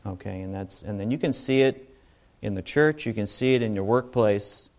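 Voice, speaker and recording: A man's voice: fairly low pitch, moderate pace, darkish tone. A man giving an informal sermon to a congregation, talking conversationally with asides and restarts. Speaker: bible teacher.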